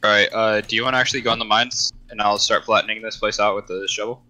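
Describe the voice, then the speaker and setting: A man playing a game with a friend, chatting casually and trading dry, deadpan quips. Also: fairly low pitch, quick pace, rough recording. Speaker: co-player. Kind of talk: casual gameplay chat.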